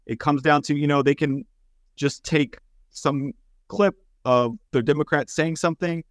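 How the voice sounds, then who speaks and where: A man from Texas co-hosting a casual political chat, explaining things in a plain-spoken, steady way with fillers. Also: a little high, measured pace, no echo, studio quality.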